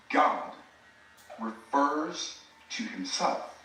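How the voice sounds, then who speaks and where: A man's voice: on the high side, expressive, extremely slow, pauses often, pushed and bright, slight background noise. A man, giving a live teaching talk as a preacher and speaking coach, talking conversationally and addressing the audience directly. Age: 60s. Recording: roomy, distant mic.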